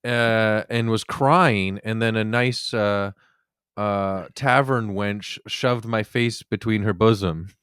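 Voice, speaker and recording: A man co-hosting a podcast, telling relaxed, playful stories from a comedy tour in casual chat. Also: lowish voice, slow, clean tone, no room sound, studio quality. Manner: relaxed storytelling with playful asides.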